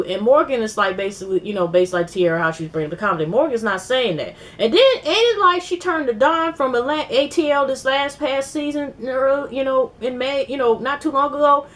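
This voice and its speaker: A woman casually recapping a reality TV episode, rambling and animated, acting out quotes and swearing freely. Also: sits high, fairly quick, few pauses. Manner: rambling, animated retelling with quoted voices and profanity. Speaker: TV recap vlogger.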